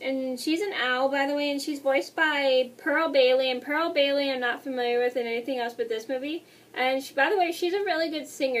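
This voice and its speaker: A woman in her twenties chatting through a casual movie review, talking fast with restarts and apologies. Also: on the high side, distant mic, slight background noise. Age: 20s. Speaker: vlogger.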